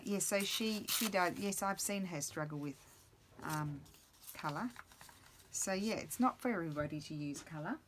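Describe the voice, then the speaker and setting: Middle-aged woman, low voice, rambling craft chatter, faint hiss behind. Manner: chatty, rambling, talks to herself and her things. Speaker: crafting video host. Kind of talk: casual chat while crafting.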